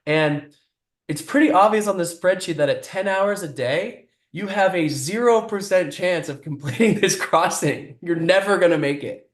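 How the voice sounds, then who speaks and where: A man voicing a brisk, upbeat woman. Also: high voice, roomy sound, pitched above the performer's own voice, lightly acted. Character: encouraging, practical woman on the phone.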